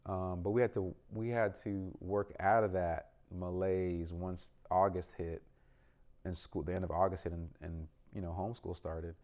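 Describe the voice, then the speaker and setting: A man's voice: low voice, flat delivery, normal speed, a little mellow. A middle-aged man, a parent and youth basketball coach, giving an earnest, rambling update with lots of ums and restarts. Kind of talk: casual vlog update.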